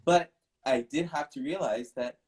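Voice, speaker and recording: A man's voice: on the high side, a little slow, darkish tone, distant mic. A man voice teacher in a casual panel talk, explaining his technique thoughtfully.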